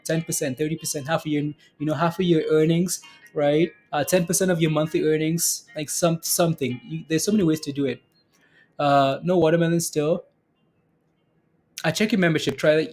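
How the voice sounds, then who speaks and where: A man's voice: on the high side, darkish tone. Chatty man hosting a stock stream. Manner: chatty, laughs often, repeats phrases. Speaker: stock trading livestream host. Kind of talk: casual live-stream chat reading viewer comments.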